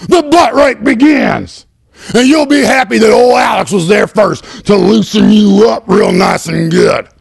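A man playing a crude, boastful male radio host in a comedy sketch, with a gravelly, raspy voice and hammy, over-the-top ranting. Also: high voice, a little slow, exaggerated voice.

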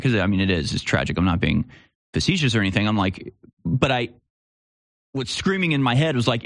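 A man's voice: fairly low pitch, lively intonation, a little fast, dry recording, studio quality. A man hosting a live commentary show, talking in a rambling way with restarts and sarcastic asides. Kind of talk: casual opinion commentary.

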